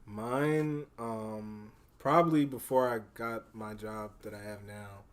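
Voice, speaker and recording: A man co-hosting a podcast, telling work stories in relaxed, hesitant casual chat with many fillers. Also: fairly low pitch, takes it slowly, clear, resonant tone. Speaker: podcast co-host, store manager.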